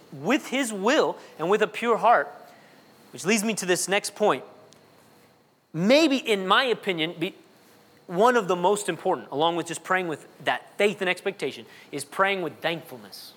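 A man preaches a sermon in a long-echoing hall, his voice high and bright. He jokes freely and repeats his words as he goes. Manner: jokey, repeats words, reads funny kids' prayers. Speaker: pastor.

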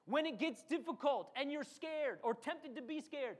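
High-voiced preacher repeating lines for emphasis. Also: male voice, animated, normal speed. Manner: dramatic, repeats phrases for emphasis, acts out voices of the people he quotes. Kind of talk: sermon.

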